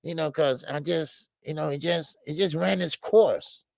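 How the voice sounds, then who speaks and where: An older man in a casual boxing call-in show, speaking in a Black with a heavily gravelly, fry-laden voice that sits a little higher than most men's. He rambles loosely and profanely, stacking stammered fillers and chuckling at his own jokes. The sound is dry and close, with no room around it. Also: measured pace, darkish tone, dry recording.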